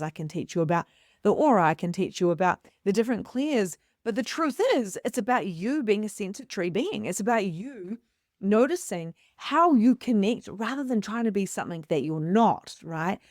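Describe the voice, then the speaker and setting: A woman's voice: mid-range voice, dry recording, studio quality. A middle-aged woman, a psychic medium host, telling a story casually to the camera and acting out the voices she quotes. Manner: animated, acts out quoted voices.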